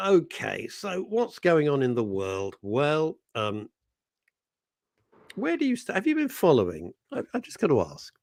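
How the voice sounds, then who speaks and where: Give me a man hosting radio, chatty and teasing, with a very animated pitch. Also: unhurried, gravelly, no echo, studio quality. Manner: playful, teasing, laughs often, reads out messages in put-on voices. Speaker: radio host. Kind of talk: casual radio chat. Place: radio studio.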